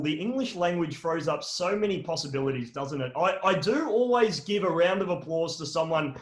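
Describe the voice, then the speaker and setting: A man's voice: a little high, expressive, normal speed, few pauses. A man hosting an interview show, upbeat and a bit theatrical, reading a scripted intro before asking questions. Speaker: podcast host. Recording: roomy echo.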